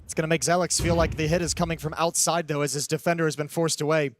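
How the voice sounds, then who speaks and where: A man's voice: a little high, little pitch movement, fast talker, slight background noise. A man giving conversational color commentary on an esports match, analyzing at length with frequent restarts.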